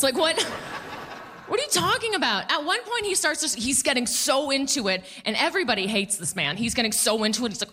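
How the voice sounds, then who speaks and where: A woman in her thirties performing a stand-up comedy set, telling stories with playful, animated delivery and mock voices. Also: high voice, normal speed. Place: comedy club stage.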